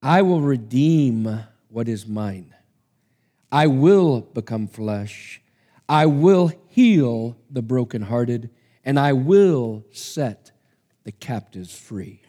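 A man preacher reading the lines of Jesus, calm and resolute, measured and slow. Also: a little high. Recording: long hall reverb.

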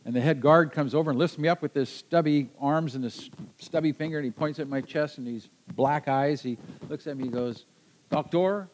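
A man telling a personal adventure story to a listener, lively and halting, with frequent restarts. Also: on the high side, slight background noise, low-quality recording.

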